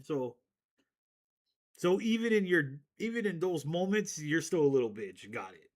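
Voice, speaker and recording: A man's voice: fairly high pitch, a bit bright. A man streamer ranting casually to his chat, profane and rambling, often laughing at himself.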